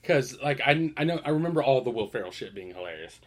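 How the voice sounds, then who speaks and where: A man's voice: mid-range voice, lively intonation, fast talker. A young man co-hosting a podcast, chatting casually, swearing freely and laughing as he recalls TV scenes. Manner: swearing, laughing, quoting TV lines. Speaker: podcast co-host. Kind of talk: casual chat.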